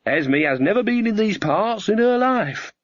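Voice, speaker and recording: A man's voice: sits high, big pitch swings, normal speed, no room sound, voice pushed up. Male reader as a gossipy old country witch woman, cheerful and earthy, a little raised, dull dry sound. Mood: breezy. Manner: chatty, homely, country-folksy.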